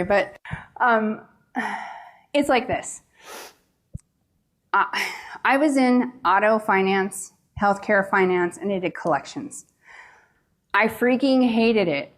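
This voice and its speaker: A woman from the East Coast who owns a pizzeria, telling her story in a candid, salty way at a conference seminar. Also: medium pitch. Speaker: pizzeria owner giving a seminar talk. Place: large conference room.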